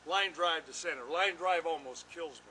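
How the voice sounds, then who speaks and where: Older man, high voice, casual storyteller, acts out voices, noisy workshop. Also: normal speed. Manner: animated yarn-spinner who acts out other people's lines. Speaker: retired pitcher, interviewee. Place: home bat workshop.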